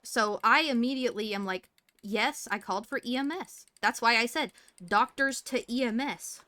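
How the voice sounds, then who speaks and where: A woman's voice: fairly high pitch, normal speed, sharp tone, no room sound. A woman streamer playing a doctor in roleplay, telling a story in character and acting out radio calls and quotes with feeling.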